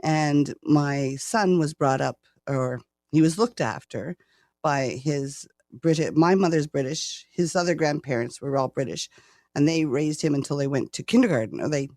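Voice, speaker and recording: A woman's voice: low-pitched, normal speed, a little mellow, no echo, clean studio sound. A Canadian woman in her sixties, a retiree guest chatting in an interview, who laughs often and repeats words as she starts a sentence. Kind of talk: casual interview chat.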